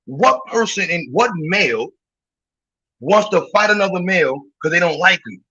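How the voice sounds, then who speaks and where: A man's voice: sits high, expressive, normal speed, sharp tone, slightly rough, lo-fi sound. A man from Brooklyn with a New York accent, hosting a livestream and ranting in a mocking, profane way with bursts of laughter. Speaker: livestream host. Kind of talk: livestream rant.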